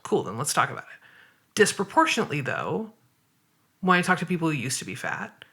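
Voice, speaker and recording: A woman's voice: sits low, big pitch swings, a little fast, fairly bright tone, slightly rough. A woman guest on a podcast interview, explaining her views thoughtfully and step by step. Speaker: guest writer and activist.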